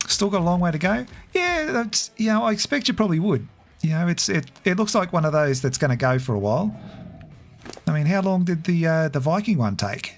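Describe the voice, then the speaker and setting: A man hosts a relaxed game livestream, chatting and laughing with his viewers. His voice sits a touch higher than most men's. Soft guitar music plays faintly behind him. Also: fairly quick. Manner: chatty, laughs often, talks to viewers by name. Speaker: game streamer. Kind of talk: casual livestream chat.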